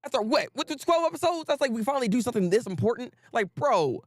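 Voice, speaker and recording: A man hosting a casual anime talk stream, reading out viewer names and repeating himself with animated, slangy energy. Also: very high voice, fast talker, no echo, clean studio sound. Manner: animated, repetitive, slangy, greets chat viewers. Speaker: host.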